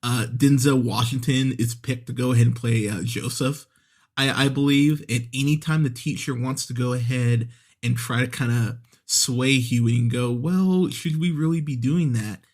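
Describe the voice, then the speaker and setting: A man's voice: mid-range voice, little pitch movement, moderate pace. A man hosting a movie podcast, reviewing an episode in a casual, conversational way, often correcting himself mid-sentence and acting out the characters' lines. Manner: conversational, re-voices characters when quoting scenes; frequent self-corrections and fillers. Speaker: podcast host.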